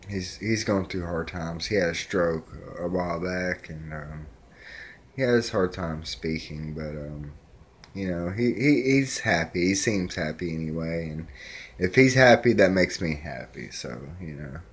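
A man's voice: low voice, animated, measured pace. A man speaking in a casual, rambling vlog message, sincere and full of fillers. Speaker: vlogger.

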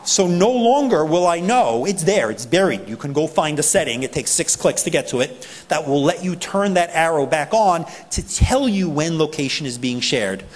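A man with a New York accent gives a lively talk, his voice sitting a little high for a man. He plays out other people's reactions as he goes. The sound rings with a long reverb, as in a big lecture hall. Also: moderate pace, hardly any pauses. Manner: animated, acts out people's reactions. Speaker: privacy advocate speaker. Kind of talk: conference talk.

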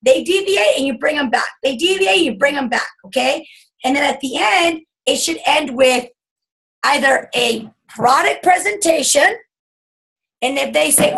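A woman giving an animated sales coaching talk over a video call, acting out bubbly chatter as she teaches. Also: high voice, normal speed, vocal fry, rough recording. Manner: animated, acts out bubbly customer chatter in a squealing voice. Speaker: guest speaker coaching a sales team.

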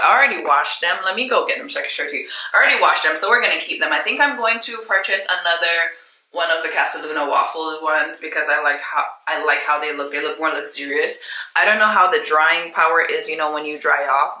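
A woman talks straight to her viewers, chatty and effusive, in a casual home vlog. Her voice is very bright and sharp. The handheld camera picks her up in an echoey room at home. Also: sits low, fairly quick. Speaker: vlogger.

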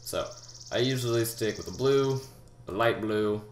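A young man giving a rambling, halting game tutorial, full of fillers and restarts, talking as if out of breath. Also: lowish voice. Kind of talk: casual gameplay tutorial. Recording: echoey room with loud background noise. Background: keyboard typing and mouse clicks.

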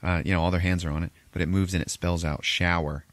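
A man with a very deep voice, recorded close and dry with no room sound. He recaps a film in a loose, profane, rambling way, jumping into characters' lines as he tells it. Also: flat delivery, quick pace, no echo. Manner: profane, rambling retelling with acted-out quotes. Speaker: podcast host recapping a film. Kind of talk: casual movie recap chat.

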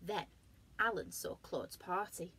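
A woman teacher with a British accent reading a picture book aloud to young children in a slow, gently lively way. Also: lowish voice, husky. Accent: British English. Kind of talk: storybook read-aloud.

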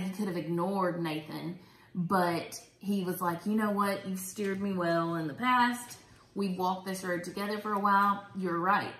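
A woman's voice: medium pitch, a bit bright. A woman hosting a casual Bible study talk, chatty and enthusiastic. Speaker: host. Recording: roomy echo.

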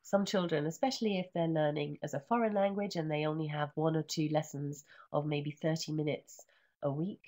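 A woman teacher trainer reading a picture book aloud and explaining it, with animated, sing-song chanting of the refrain, over a computer microphone. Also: low voice, fairly quick. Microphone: computer microphone in an online session.

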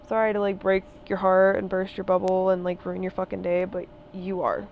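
Speaking briskly and barely pausing, a woman in her twenties rants on her vlog in a flat, monotone medium-pitched voice. She is heated and profane, repeating phrases for emphasis. The audio sounds dull with the highs cut off, plus a little background noise.

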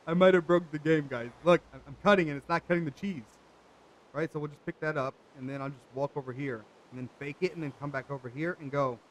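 Young male gaming host, higher voice, loose running commentary straight to viewers. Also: normal speed, a little hiss or hum, rough recording. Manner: chatty, talks to viewers, jokey asides. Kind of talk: casual let's play commentary.

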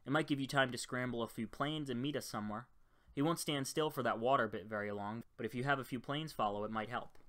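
A man playing a calm airline captain. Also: mid-range voice, fast talker, natural voice.

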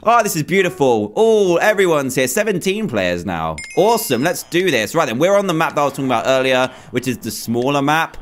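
A young man commentating live on his own gameplay, excitable and quick to exclaim, often repeating himself. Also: fairly high pitch, slight background noise. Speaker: gaming YouTuber.

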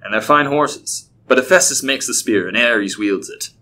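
A man's voice: mid-range voice, moderate pace, bright, forceful tone, slight background noise, natural voice. A man voicing a short, pudgy, dismissive official with a nasal voice. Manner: dismissive, derisive.

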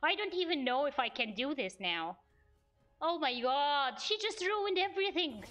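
A woman's voice: sits high, very animated, moderate pace, fairly bright tone. A young woman streaming a video game live, venting her exasperation at the characters as she plays. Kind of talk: live gameplay commentary.

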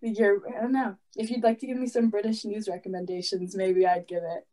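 A woman's voice: medium pitch, little pitch movement, a little fast, warm tone. A teenage girl co-hosting a student podcast, chatting casually, giggling often and trailing off with fillers. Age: teens. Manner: giggly, hesitant, many fillers. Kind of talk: casual chat.

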